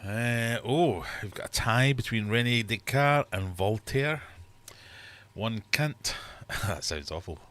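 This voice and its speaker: A middle-aged man runs a relaxed livestream quiz from his fish room, joking and chatting while he reads questions and scores aloud. His mid-range voice is expressive and fairly bright, and he speaks at a slow pace.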